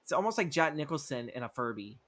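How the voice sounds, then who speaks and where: A man's voice: on the high side, sing-song, fast talker, a bit bright. A man co-hosting a podcast, recapping a movie script in a rambling, profane way and acting out the characters' lines as he goes. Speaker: podcast co-host.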